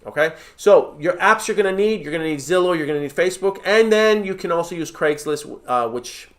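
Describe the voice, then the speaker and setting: A man's voice: on the high side, expressive, fairly quick. A man giving direct, emphatic coaching advice as a real estate mentor, often checking in with "right?" and "okay?". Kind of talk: coaching talk to camera.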